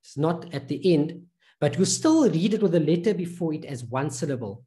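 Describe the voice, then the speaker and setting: In a recorded pronunciation lesson, a man teaches reading, patiently drilling syllables and repeating each sound several times with many slow repetitions. His voice sits on the high side and sounds animated and warm.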